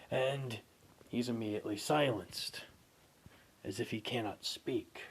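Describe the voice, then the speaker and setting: A man's voice: medium pitch, measured pace, long pauses, a little hiss or hum. A man casually telling an improvised adventure story and correcting himself as he goes. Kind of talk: improvised fan-fiction storytelling.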